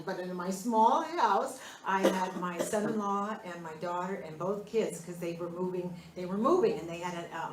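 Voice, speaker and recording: Chatty older woman minister telling stories. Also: medium pitch. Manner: chatty, animated storyteller. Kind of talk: casual storytelling in a spiritual talk. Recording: roomy hall with a distant mic and faint noise.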